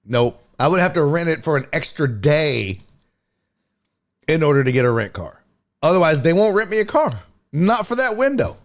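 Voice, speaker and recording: A man's voice: fairly high pitch, sing-song, moderate pace. A male comedian and podcast host telling a story in casual chat, profane and exclaiming.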